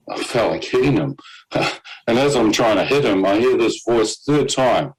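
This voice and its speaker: A man's voice: medium pitch, expressive, moderate pace, breathy edge, low-quality recording. A man telling his own story as a testimony. He acts out the voices of the people he quotes and laughs between lines.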